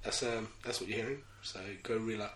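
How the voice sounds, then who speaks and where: A man's voice: lowish voice, fairly even intonation, brisk, a bit bright, distant mic. A young man hosting a podcast, joking around in loose slang and laughing often. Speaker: podcast host. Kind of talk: casual podcast banter. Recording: roomy, off-mic sound.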